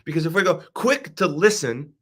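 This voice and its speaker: A man's voice: on the high side, sing-song, normal speed. Male host, devotional talk, earnest, repeats phrases with preacher-like emphasis.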